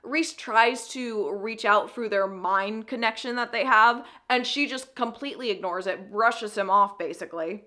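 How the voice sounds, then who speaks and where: A woman's voice: a little high, normal speed, few pauses, pushed and bright. A woman casually recapping a fantasy novel, chatty and sarcastic, often laughing at her own asides. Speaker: book reviewer.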